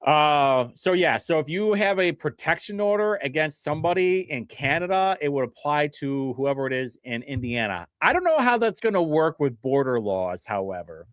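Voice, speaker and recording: Man, sarcastic bill-reading livestream host, slightly high pitch, dry sound, chuckles a lot. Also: big pitch swings, moderate pace, hardly any pauses, no room sound. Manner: sarcastic and mocking, reads bill text aloud; chuckles often, with big pitch swings. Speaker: livestream host reviewing state bills. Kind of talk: casual commentary livestream.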